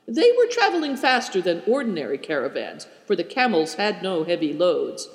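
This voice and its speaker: A man narrating a storybook in an expressive, animated way, recorded in an echoey room. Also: high voice, normal speed. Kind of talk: storybook reading. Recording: echoey room with long reverb.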